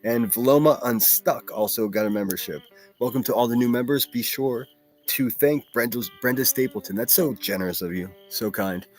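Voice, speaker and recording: A man's voice: medium pitch, moderate pace, a little mellow, faint music behind. A man from Pittsburgh with a Pittsburgh accent, hosting a livestream and chatting casually and profanely while reading out names from the chat. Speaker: livestream host.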